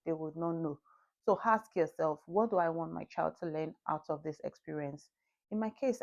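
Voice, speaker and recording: A woman in her thirties with a Nigerian accent, talking calmly through parenting tips, laughing often and asking the listener questions. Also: low voice, vocal fry. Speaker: parenting video host. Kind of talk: casual advice talk to camera. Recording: dull lo-fi recording.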